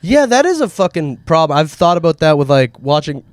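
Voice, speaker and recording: A man's voice: fairly high pitch, very animated, brisk. A man co-hosting a comedy podcast, joking playfully and mocking himself. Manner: playful, self-mocking joker. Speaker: podcast co-host. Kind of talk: casual comedic chat.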